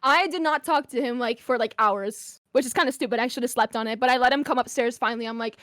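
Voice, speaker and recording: High-voiced young woman telling a story. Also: quick pace, dry recording, clean studio sound. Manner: animated, swears freely, lots of "like". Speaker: podcast guest, streamer. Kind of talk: casual storytelling.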